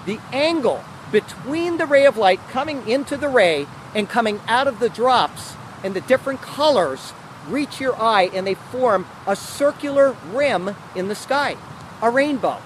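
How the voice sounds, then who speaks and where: A man's voice: very high-pitched, animated, a little slow, slight background noise, rough recording. A man, a pastor, giving an earnest and emphatic sermon outdoors. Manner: earnest, emphatic preaching with restarts.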